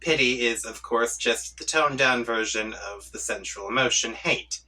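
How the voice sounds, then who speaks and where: A man's voice: medium pitch, moderate pace, bright, forceful tone, far from the mic, poor audio. A man reading a comic aloud, voicing an irritable young male troll leader who rants in prickly bursts. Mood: ranting. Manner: prickly, ranting.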